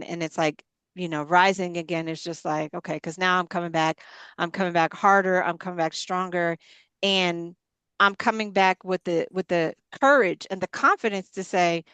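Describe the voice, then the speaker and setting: A woman's voice: on the low side, a bit bright, clean tone, dry recording. A woman who leads a ministry and coaches women, giving a preaching-style motivational talk. She speaks emphatically and builds her points in punchy, repeated parallel lines. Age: adult mother of grown girls.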